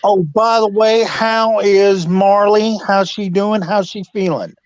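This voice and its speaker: A man chatting casually with a friend in a slow, folksy, affectionate way. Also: sits high, fairly even intonation, no room sound, highs cut off. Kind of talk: casual chat.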